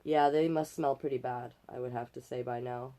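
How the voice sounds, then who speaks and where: A woman's voice: very deep voice, steady tone, moderate pace, noisy background. A woman from Canada reading a picture book aloud as storytime host, with chatty asides and playful sound effects.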